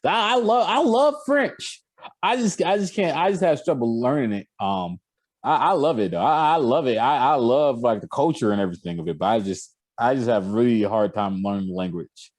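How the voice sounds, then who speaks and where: Lively young man on a dry close mic. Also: normal speed, no echo. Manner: animated, laughing, jumpy pitch. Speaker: podcast co-host. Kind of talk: casual sports podcast chat.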